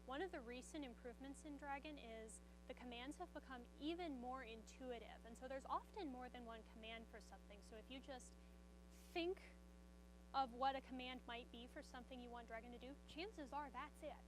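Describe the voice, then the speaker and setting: Upbeat woman presenter from the US South, higher voice. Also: a little fast, background noise. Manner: upbeat, explanatory, answers audience questions. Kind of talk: conference presentation with live software demo. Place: conference room.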